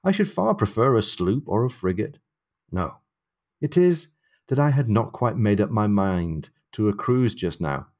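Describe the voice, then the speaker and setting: A man reading as a reserved ship's doctor who speaks with measured, old-fashioned formality and a fairly low voice. The lines come from a novel read aloud. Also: sing-song, darkish tone. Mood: earnest.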